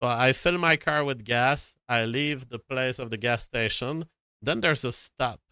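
A man's voice: mid-range voice, a little slow, sharp tone, clean tone, no room sound. A man from Canada telling a rambling, profane, self-dramatizing anecdote. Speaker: storyteller. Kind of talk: casual anecdote.

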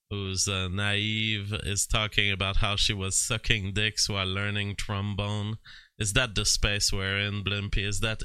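A low-voiced man from Quebec hosts a livestream, reading chat messages and commenting on the news. He talks slowly, with many fillers and restarts. His voice is bright and clear, recorded dry on a close mic. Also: no echo. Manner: slow, drawn-out delivery with frequent fillers and restarts.

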